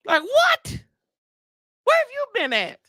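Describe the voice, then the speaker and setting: A man with a notably high, bright voice rants as a sports show host. His pitch swings widely as he rambles, exasperated, and throws slangy asides to his viewers. The sound is dry and close. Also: huge pitch swings, slow pace, dry recording. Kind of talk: casual sports rant.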